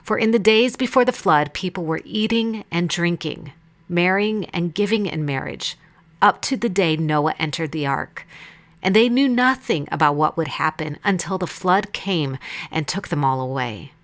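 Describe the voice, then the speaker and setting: A woman reading Bible passages aloud in a measured, deliberate way. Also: fairly low pitch, expressive. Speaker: Bible reader. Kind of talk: scripted scripture reading.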